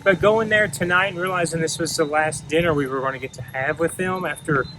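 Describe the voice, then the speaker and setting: A man's voice: fairly high pitch, a little fast, background noise. A man chatting casually as a travel vlogger, easygoing and conversational. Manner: easygoing, conversational, chimes in with agreement. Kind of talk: casual vlog chat.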